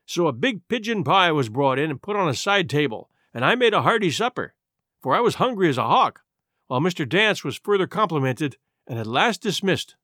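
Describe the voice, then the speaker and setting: Male narrator, animated audiobook reading, fairly high voice, lively intonation. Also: brisk, no echo, studio quality. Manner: expressive, animated storytelling.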